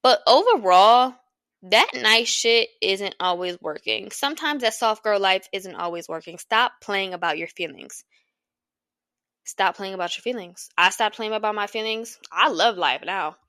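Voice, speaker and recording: A woman's voice: medium pitch, expressive, normal speed, sharp tone, no echo, clean studio sound. A young woman in her twenties hosting a casual solo podcast, talking bluntly and profanely in a rambling way. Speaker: podcast host.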